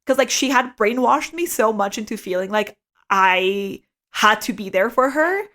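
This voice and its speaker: Animated, swearing young woman storyteller. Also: a little high, normal speed. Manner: animated, swears freely, says "like" a lot. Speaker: podcast co-host. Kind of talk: casual storytelling chat.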